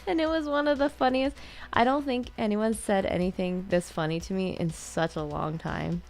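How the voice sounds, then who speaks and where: A woman's voice: medium pitch, normal speed, a little mellow, soft background music. A woman in casual chat, telling a story and laughing through it. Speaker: co-host, married to the other host.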